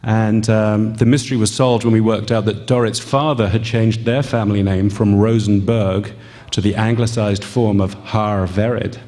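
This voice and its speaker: A man tells a personal story to a live audience, halting often with ums and gently poking fun at himself. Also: fairly low pitch, steady tone. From England. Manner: halting, with frequent ums and gentle self-mocking humor. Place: event hall. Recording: long reverb in a hall.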